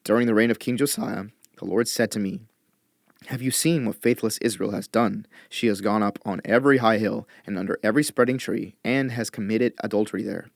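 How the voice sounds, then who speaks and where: A man reading scripture aloud in a measured, expressive way, lifting his voice for quoted lines. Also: lowish voice, vocal fry, no echo, studio quality. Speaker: Bible reader.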